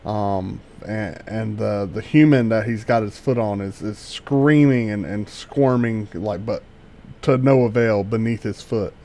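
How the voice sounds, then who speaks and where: A man narrating a tabletop game as game master, halting and full of fillers and restarts. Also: lowish voice, mellow.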